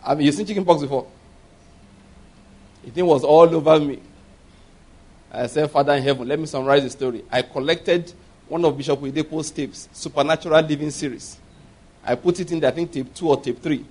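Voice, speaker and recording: A middle-aged man preaching a sermon, telling personal stories with animated quoted voices and laughing at his own tales. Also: a little high, fairly quick, pauses often, breathy edge. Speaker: pastor.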